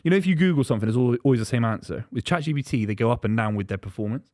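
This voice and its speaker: Brief: rapid, animated male football debater, close dry mic. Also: medium pitch, no room sound. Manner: quick and argumentative, full of stats and comparisons. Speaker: podcast co-host. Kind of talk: casual football chat.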